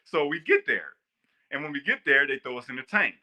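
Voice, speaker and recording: A man from Northwest Indiana telling a story casually, animated and full of slang. His voice is quite bright and sits a little high for a man. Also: fairly quick. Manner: animated, slangy, laughs often. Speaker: guest storyteller.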